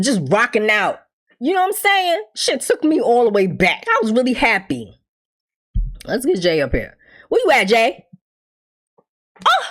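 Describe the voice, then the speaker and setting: Animated profane woman gossip host. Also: medium pitch. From New York. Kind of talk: casual commentary monologue.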